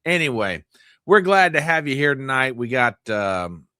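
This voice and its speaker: Lively, bright-voiced male show host. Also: medium pitch, normal speed, dry recording. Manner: playful, self-mocking, banters with live chat. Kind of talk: casual livestream news chat.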